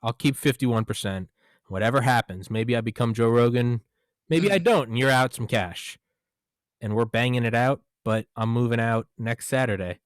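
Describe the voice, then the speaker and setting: A young podcast host tells a story casually, swearing a lot and quoting himself and others. His medium-pitched voice is clean, at normal speed, recorded with studio quality and no echo.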